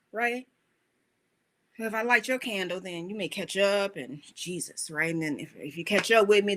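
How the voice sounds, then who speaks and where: A woman coach giving an animated, emphatic motivational talk, full of rhetorical questions. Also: mid-range voice.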